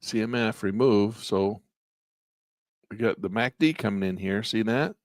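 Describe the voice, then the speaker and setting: A man's voice: lowish voice, unhurried, dry recording, studio quality. A man teaching a live online trading class in a casual, folksy way while pointing at charts. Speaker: trading instructor.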